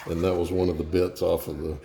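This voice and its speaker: A man's voice: low-pitched, flat delivery, fast talker, gravelly, mellow, echoey room, slight background noise. A man hosting a casual cooking demo in a home kitchen, chatty and easygoing, telling a joke along the way.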